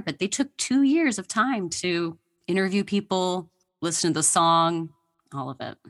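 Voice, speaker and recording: A woman's voice: fairly low pitch, unhurried, a bit bright. Woman, history podcaster, casual interview, enthusiastic, laughs a lot. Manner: enthusiastic storyteller, laughs often.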